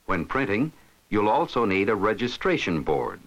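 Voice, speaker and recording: A man with a somewhat low voice narrates an instructional film. His delivery is scripted and methodical, with a lively, rising and falling pitch as he explains each step. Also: moderate pace, dull audio.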